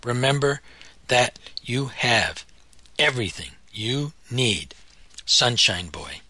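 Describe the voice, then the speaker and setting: Guy reading as a frail dying mom, soft and halting, little rasp, bright dry voice. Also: medium pitch, expressive, no room sound, heavily acted. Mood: tender, frail. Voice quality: faint rasp. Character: frail dying elderly mother, gentle and loving.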